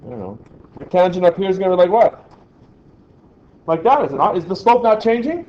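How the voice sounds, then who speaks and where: A man's voice: sits high, big pitch swings, brisk, darkish tone, highs cut off. A man teaching a physics lesson in a classroom, quizzing the class as he goes. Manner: chatty, asks the class questions. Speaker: science teacher.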